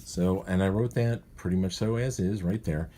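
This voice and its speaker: With slight background noise behind him, a male cartoonist casually explains how he writes his gags, thinking aloud and frequently correcting himself. His low, mellow voice moves at normal speed.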